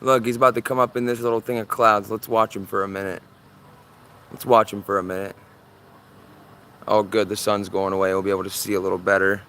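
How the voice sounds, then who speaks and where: Excitable man livestreaming from his yard. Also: fairly low pitch, brisk, pauses often, slight background noise. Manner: excitable, repeats himself, urgent. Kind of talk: live sky-watching commentary.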